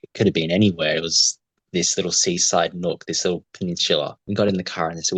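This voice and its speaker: A man's voice: low-pitched, fairly even intonation, fast, fairly bright tone, breathy edge, no room sound, low-quality recording. A man co-hosting a podcast, telling rambling, reflective travel stories in casual chat with some swearing. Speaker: podcast co-host.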